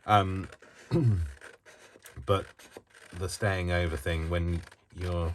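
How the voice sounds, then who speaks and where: A man with a low, fairly flat voice speaks extremely slowly while making a casual craft video, rambling, joking at his own expense and talking to himself as he works. He's a craft vlogger, recorded at home on a built-in camera mic that isn't working, so the sound is noisy.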